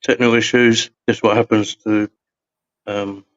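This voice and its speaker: A man's voice: fairly low pitch, level tone, fairly bright tone, dry recording. A man co-hosting a casual live podcast, joking and firing off teasing questions. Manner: teasing, jokey, quick questions. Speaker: podcast co-host. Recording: slightly dull lo-fi audio.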